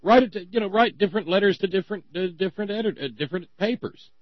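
A male talk radio host who rambles and stammers through restarts, dripping with sarcasm. His pitch leaps up and drops off in a lively way. The sound is dry and a little muffled. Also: racing, no echo.

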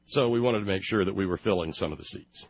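A man's voice: low voice, quick pace, no echo, dull audio. A man hosting a casual talk show, sarcastic and rambling with many fillers and restarts. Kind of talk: casual radio monologue.

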